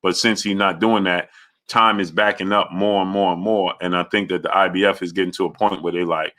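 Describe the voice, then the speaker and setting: A man's voice: deep voice, fairly even intonation, a little fast, fairly bright tone. A man hosting a boxing livestream, reading viewer comments and arguing back with indignation. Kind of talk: casual live-stream chat, reading super chats.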